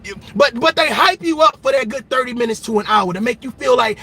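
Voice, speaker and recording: A man hosting a reaction channel, delivering a loud, emphatic and mocking rant that keeps repeating itself. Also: very high voice, lively intonation, brisk, breathy edge.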